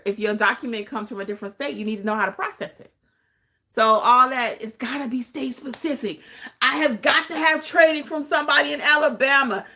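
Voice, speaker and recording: A woman's voice: on the high side, sharp tone. A woman hosting a livestream, chatting with viewers and driving points home by repeating them. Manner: emphatic, repeats points for effect. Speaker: podcast host and notary trainer. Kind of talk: livestream chat answering viewer questions.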